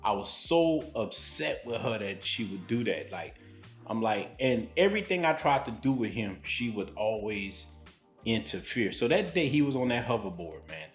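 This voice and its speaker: Blunt storyteller. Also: male voice, lowish voice, moderate pace, echoey room, soft background music. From Louisiana, United States. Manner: animated, blunt, street-style storytelling. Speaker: vlogger. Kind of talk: storytelling vlog.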